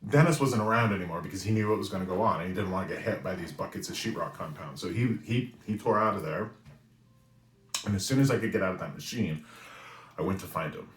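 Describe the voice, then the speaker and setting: A man's voice: low-pitched, fast, slight background noise. A man in his forties from New England tells a story in a monologue, often checking in with the listener. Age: 40s. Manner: animated storyteller who often asks "right?". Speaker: spiritual reader and weekly message host. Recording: roomy echo.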